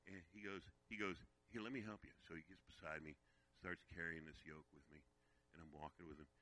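A man's voice: a bass voice, steady tone, a little fast, bright, forceful tone, a little hiss or hum, poor audio. A man speaking as guest speaker at a faith weekend, telling a personal story with emotion and often repeating words as he goes. He sounds tearful at times. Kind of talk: conference teaching talk.

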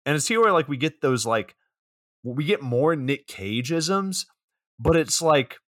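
A man co-hosting a casual movie podcast, relaxed, recapping scenes with many filler words. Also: fairly high pitch, a little slow, no echo, clean studio sound. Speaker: podcast co-host. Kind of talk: casual movie review chat.

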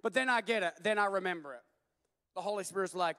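A man preaching a sermon as a pastor, telling stories animatedly and at times rising to a shout. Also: sits high, big pitch swings, brisk, in a large hall.

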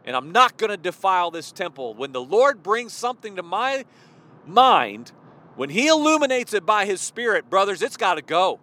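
A man with a notably high-pitched voice delivers a loose, conversational sermon outdoors. He rambles, backs up and restarts mid-sentence, and keeps turning to his listeners as brothers and friends. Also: very animated, moderate pace, sharp tone. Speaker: preacher. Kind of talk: informal sermon to men.

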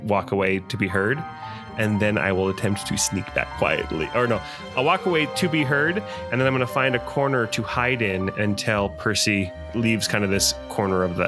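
A man playing in a tabletop game, hesitant, thinking aloud as he plans. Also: lowish voice. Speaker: player. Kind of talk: casual tabletop play.

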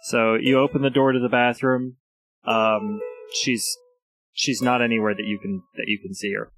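A man's voice: medium pitch, fairly even intonation, normal speed, fairly bright tone, low-quality recording. A man narrating as game master, describing scenes with occasional hesitant fillers. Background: background music.

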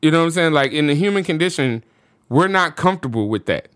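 A man's voice: on the high side, fast, smooth, no echo, studio quality. A man from the United States, a podcast guest, telling a personal story casually and with animation. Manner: animated, with frequent fillers like "you know what I'm saying".

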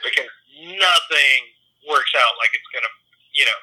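A man in casual conversation telling a story about working at a brewery, animated and acting out the voices of the people in it. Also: mid-range voice, moderate pace, poor audio. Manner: animated, acts out quoted voices. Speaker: brewery staff guest.

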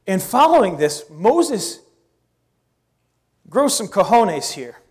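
High-voiced pastor telling a lively sermon. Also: male voice, takes it slowly, husky. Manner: animated storytelling, casual asides.

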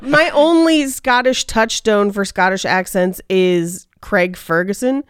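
A woman's voice: mid-range voice, takes it slowly, clear, resonant tone, no room sound, studio quality. A woman co-hosting a casual podcast, playful and punny, giggling between jokes. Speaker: podcast co-host.

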